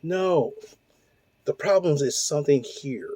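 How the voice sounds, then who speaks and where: A man in his forties hosts his own show and delivers a blunt, heated, profane rant packed with rhetorical questions. His voice sits a little high and has a dark tone; he is animated but takes his time. The recording has no echo.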